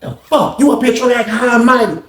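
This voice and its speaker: A man's voice: steady tone, quick pace, fairly bright tone, roomy sound. A man voicing a hot-headed male inmate who curses, taunts and shrieks insults. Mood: mocking. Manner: shrill, profane, taunting.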